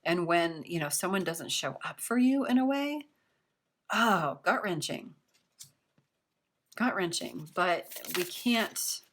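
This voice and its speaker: Low-voiced woman doing a chatty tarot reading. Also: slight background noise. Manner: chatty, warm and reassuring, filler-heavy. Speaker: tarot reader.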